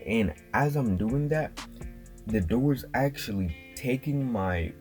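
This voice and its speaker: A young man casually telling a childhood story as a vlogger, with slangy, animated phrasing and lots of fillers. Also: medium pitch, slow. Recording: guitar music playing underneath.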